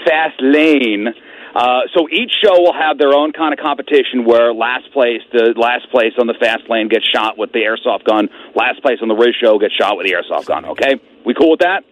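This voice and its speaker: Teasing New York radio host, lo-fi line. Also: male voice, medium pitch, a little fast, hardly any pauses, slight background noise. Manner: teasing, boastful. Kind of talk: on-air banter.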